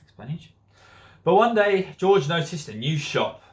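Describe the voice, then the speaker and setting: A man's voice: fairly high pitch, very animated, normal speed. Giggly man reading a children's story. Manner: giggly, keeps breaking into laughter. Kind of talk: storybook read-aloud.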